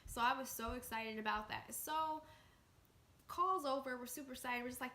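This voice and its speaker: A young woman from the Washington, D.C. area telling a storytime vlog, excitable and chatty, with lots of fillers. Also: on the high side, moderate pace. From Washington, D.C. area, USA. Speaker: vlogger. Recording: echoey room with faint noise.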